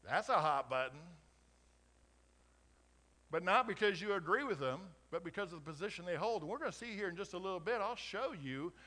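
A middle-aged pastor from Colorado with a slight Oklahoma twang, preaching conversationally and climbing to emphatic peaks. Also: male voice, high-pitched, expressive, a little fast, pushed and bright. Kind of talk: sermon.

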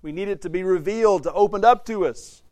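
A man leads a Bible study in a chatty, questioning way, acting out the lines he reads. His voice sits a little high and sounds dry and close, with no room around it. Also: quick pace, darkish tone, no echo. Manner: conversational, asks the class questions, acts out quotes. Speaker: Bible teacher. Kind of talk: interactive Bible study teaching.

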